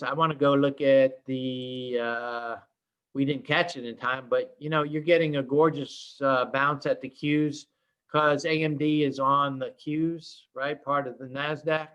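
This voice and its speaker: A man's voice: medium pitch, fairly even intonation, unhurried, a bit bright, clear, resonant tone, highs cut off. A man teaching a live day trading room in a casual, rambling way, with many fillers and restarts. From schooled in Oklahoma. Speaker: trading instructor.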